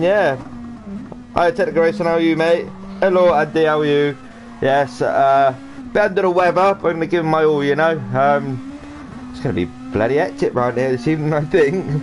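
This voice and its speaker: A man casually commentating a sim racing stream, rambling and chatty with lots of fillers and restarts. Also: a little high. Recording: noisy home stream audio.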